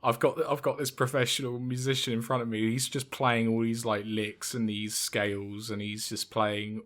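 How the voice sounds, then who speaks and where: A man's voice: mid-range voice, flat delivery, moderate pace, fairly bright tone. Young man telling a rambling story. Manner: rambling, many fillers and restarts. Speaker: podcast co-host. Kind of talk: casual chat, storytelling.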